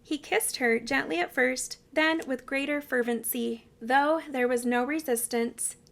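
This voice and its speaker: Brief: woman narrator, steady storybook reading, high voice. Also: unhurried, creaky. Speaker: reader of a family biography.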